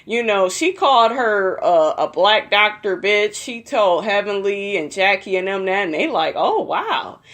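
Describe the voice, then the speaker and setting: A young woman chatting straight to her viewers. She recaps a reality TV episode in a loose, gossipy way, swears freely and keeps calling out to them as y'all. Her voice sits at an ordinary middle pitch. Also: a little slow, hardly any pauses, fairly bright tone.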